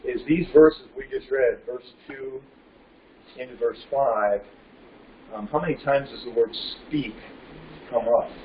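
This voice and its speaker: A man preaching a verse-by-verse Bible lesson, reading scripture slowly and deliberately and putting questions to his listeners before answering them himself. He sounds distant from the mic in a roomy, echoing space. The recording is dull and lo-fi, with a faint hum of ambience behind him. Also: mid-range voice. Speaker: Bible teacher. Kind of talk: sermon, teaching verse by verse.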